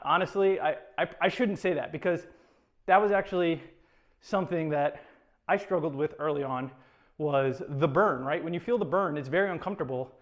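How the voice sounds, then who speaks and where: A man with a slightly high voice leads a home workout as a fitness instructor, and the audio sounds dull. He is chatty, encouraging and self-deprecating, and a little out of breath.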